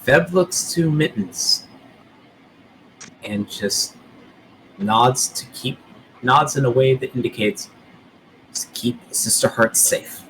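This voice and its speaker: A man's voice: mid-range voice, animated, slow pace, long pauses, fairly bright tone, slight background noise, rough recording. A man playing in a tabletop role-playing game, making plain, dry remarks and describing what his character does. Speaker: player. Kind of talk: casual tabletop role-play chat.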